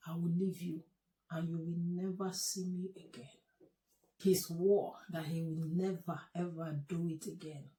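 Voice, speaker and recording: A woman telling her own story of a past relationship, emotional and halting, often dropping to soft low tones. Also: a little hiss or hum. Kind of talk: personal storytelling. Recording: echoey room.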